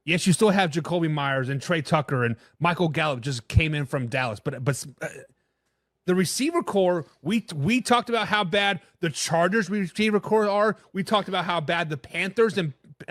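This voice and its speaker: A man's voice: high-pitched, dry recording, studio quality. A man hosting a live sports talk stream, giving blunt opinions and answering viewers in the chat, sometimes tripping over his words. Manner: stumbles and repeats words when excited. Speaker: sports talk show host.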